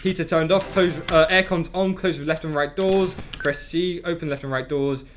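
A young man streaming a video game, rattling off his controls under his breath and breaking into panicked shouts. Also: a little high, fairly even intonation, faint music behind. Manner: rapid muttered narration of controls, bursts of panicked shouting. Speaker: gameplay streamer. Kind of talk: let's play commentary.

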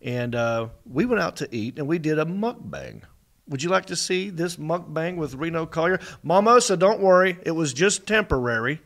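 Bright-voiced man joking around. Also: a little high, expressive, moderate pace, gravelly. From American South. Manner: joking, laughs often. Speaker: podcast host. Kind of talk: casual chat.

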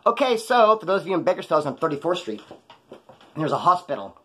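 This man from California talks fast with a fairly high, sharp and very animated voice as he recounts his past on a live stream. His storytelling is loose and slangy, wandering off track, and he performs the quoted voices.

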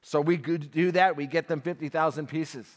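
Man, storyteller at a church class, voice a bit high, long hall echo. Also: normal speed. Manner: animated storyteller, acts out dialogue, chuckles. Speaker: guest speaker at a Bible class. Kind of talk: storytelling testimony talk.

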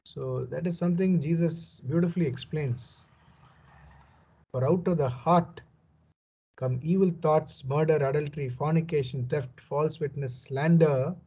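A man's voice: on the high side, a little slow, dark tone, slightly rough, muffled recording. A man giving a verse-by-verse Bible commentary, reading passages and explaining them earnestly and emphatically, often saying "you know". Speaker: Bible teacher.

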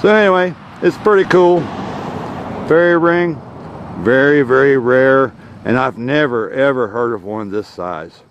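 A man's voice: mid-range voice, unhurried, dull audio. Guy rambling on his vlog outside, folksy, camera mic, faint noise. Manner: folksy, meandering, playful. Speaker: vlogger. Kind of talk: casual outdoor vlog narration. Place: outdoors in a rural yard.

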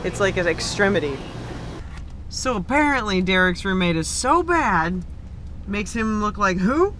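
A woman's voice: medium pitch, lively intonation, a little slow, fairly bright tone. A woman hosting a casual vlog, chatty and teasing, laughing often as she talks. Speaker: vlogger. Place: in a car, then outdoors at a car lot. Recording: clear car and road noise.

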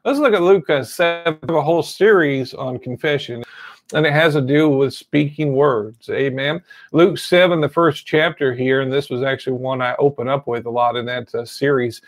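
A pastor preaching a sermon, retelling a story and saying amen again and again. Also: male voice, mid-range voice, normal speed, no room sound. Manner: repeats amen often, storytelling.

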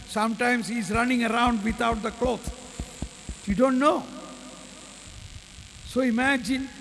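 Slow, high-pitched, gravelly preacher man. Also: fairly bright tone. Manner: slow, storytelling, leads the group in prayer and hallelujahs. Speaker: preacher leading a workshop. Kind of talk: sermon with storytelling and prayer. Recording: reverberant hall with faint mains hum.

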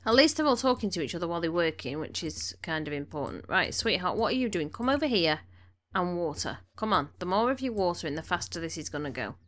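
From a room at home, a woman gives casual gameplay commentary, chatting along and bossing her game characters around while a little snuffly from allergies. Her fairly low voice is very animated and a bit bright, and she talks fast with few pauses.

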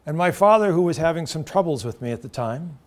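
A middle-aged man addresses a room of university students. His voice sits somewhat high for a man, and he talks in an earnest, storytelling way, often turning to the listeners with direct questions. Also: expressive, fast talker, darkish tone. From United States. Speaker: lecturer. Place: lecture room.

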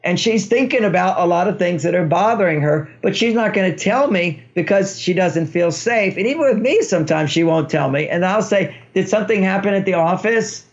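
High gravelly man, playful explainer. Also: lively intonation, a little fast, few pauses, muffled recording. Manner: playful, explanatory, frequent chuckles. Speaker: author guest. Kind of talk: conversational interview.

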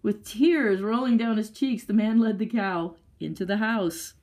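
A woman leading a library story time, reading a picture book aloud to children with expressive storytelling and chatty asides. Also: mid-range voice, a little slow, low-quality recording.

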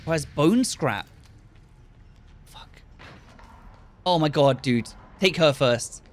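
High-voiced guy yelling and muttering through a horror game on a headset, swears a ton, super animated. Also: slow pace. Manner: excitable, swears a lot, swings from mutters to yells. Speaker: gaming video creator. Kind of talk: gameplay commentary. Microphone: gaming headset.

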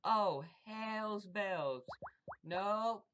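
A gameplay commentator who trash-talks enemies in profane, excitable bursts and yelps when startled. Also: medium pitch, very slow, background noise. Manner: taunts the game's enemies directly. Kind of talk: let's-play commentary.

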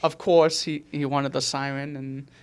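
A man's voice: medium pitch, level tone, measured pace, smooth. A young man, a guest vehicle technician, giving short laid-back answers in a casual chat.

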